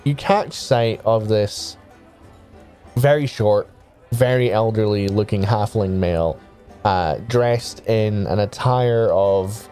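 A man runs a tabletop game, narrating scenes in meandering, filler-laden descriptions. His tone is dark and mellow, and quiet music plays underneath. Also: on the low side, slow pace. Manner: rambling, hesitant descriptions with many fillers. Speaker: game master.

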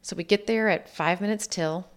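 With a smooth, mid-range voice at normal speed, a woman guest shares her life story. Her telling is earnest and thoughtful, and she acts out the dialogue of people she mentions.

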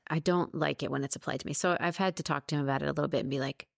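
A woman's voice: deep voice, steady tone, rapid-fire, vocal fry, no room sound, studio quality. A woman in her thirties co-hosting a podcast, telling stories in a chatty way and laughing often. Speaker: podcast co-host. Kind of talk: casual chat.

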